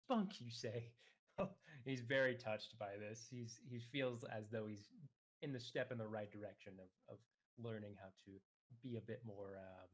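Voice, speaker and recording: A man playing a tabletop game, chatting in a quick, joking way. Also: on the low side, fairly even intonation. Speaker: player.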